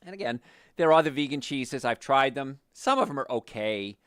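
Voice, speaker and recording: A man's voice: moderate pace, smooth, no room sound, studio quality. A man hosting a health talk show, speaking casually and telling stories about his patients. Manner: animated, storytelling, quotes patients in lowered voice. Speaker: health show host, doctor.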